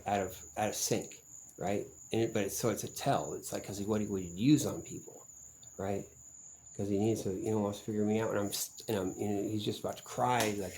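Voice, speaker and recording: A man with a lowish, mellow voice talks in a meandering vlog monologue. He is profane and suspicious and keeps circling back with "um" and "like". Faint crickets chirp behind him. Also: a little hiss or hum, poor audio. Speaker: vlogger. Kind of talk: rambling monologue.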